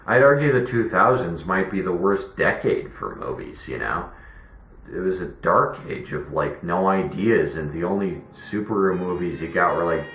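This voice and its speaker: A man's voice: low-pitched, fairly bright tone. A man giving a rambling, opinionated movie review, full of fillers and swearing. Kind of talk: casual spoken movie review. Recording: roomy echo with faint background noise.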